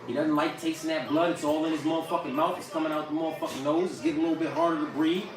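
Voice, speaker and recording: A man hosting a live stream, giving casual, profane fight commentary and yelling coaching at the screen. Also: a little high, fairly even intonation, rapid-fire, noisy background. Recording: echoey room, distant mic, music behind.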